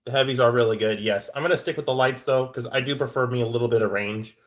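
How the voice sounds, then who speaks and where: Speaking quickly in a middle-pitched voice, a man hosts a casual livestream and responds to his viewers. He rambles and cracks jokes, frequently stammering and restarting what he's saying.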